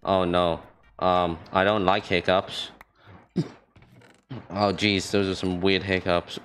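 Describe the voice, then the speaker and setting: Excitable young man streaming a game. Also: low voice, slow pace, a little hiss or hum. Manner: excitable, trash-talking, repeats phrases. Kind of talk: gaming stream commentary.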